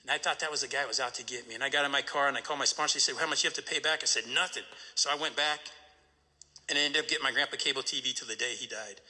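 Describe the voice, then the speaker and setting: A man's voice: medium pitch, very fast, pushed and bright. A middle-aged man telling his recovery story to a live audience, acting out the voices of the people in it and asking "right?" after each turn. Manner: storytelling, acts out quoted voices, tag question "right?". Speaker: recovery meeting speaker. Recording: echoey hall.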